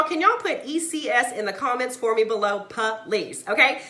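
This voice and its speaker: In an echoey room, a mother who sells CBD oil and vlogs rants on a live stream, reading comments and calling her viewers y'all. Her voice is a little high and sharp, and she's fired-up and emphatic, constantly checking in with "right?" and "okay?"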